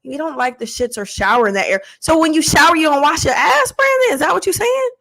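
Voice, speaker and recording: A woman's voice: high-pitched, lively intonation, fast, pushed and bright, poor audio. A woman co-hosting a podcast in casual chat, teasing her co-host and reading out listener comments.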